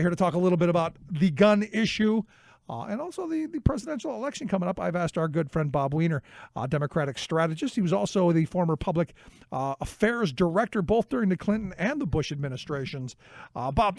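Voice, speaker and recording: A man hosting a political talk radio show, speaking in an indignant, halting way with many fillers and restarts. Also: high-pitched, sing-song, vocal fry, a little mellow, no echo, studio quality.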